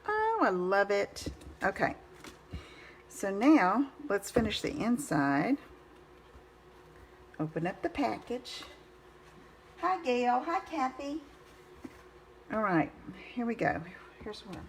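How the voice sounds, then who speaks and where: A woman's voice: on the high side, sing-song, slow, pauses often, slight background noise. A woman giving a live card-making demonstration, chatty and encouraging, greeting viewers by name.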